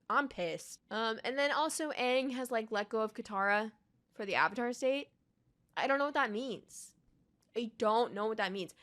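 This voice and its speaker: A woman's voice: on the high side, lively intonation, moderate pace, fairly bright tone. A woman vlogger ranting emphatically in reaction-video commentary, swearing freely.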